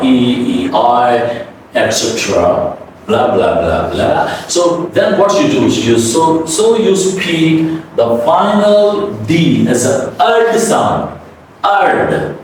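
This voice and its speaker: A man teaching English pronunciation, drilling words slowly and repeating each one for students to say after him. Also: on the high side. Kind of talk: classroom pronunciation lesson. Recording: roomy echo, voice from a distance, faint noise.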